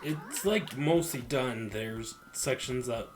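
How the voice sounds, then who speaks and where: A man's voice: medium pitch, lively intonation, takes it slowly, noisy background. A young man co-streaming a game, hesitant with many fillers and a dry sense of humor. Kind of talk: casual gameplay chat.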